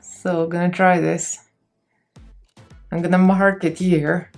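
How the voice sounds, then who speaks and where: A woman's voice: lowish voice, little pitch movement, takes it slowly, gravelly, a little mellow, faint music behind. Chatty Russian-accented woman vlogger. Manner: chatty, laughs often, loose grammar. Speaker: makeup vlogger. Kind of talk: casual makeup tutorial chat.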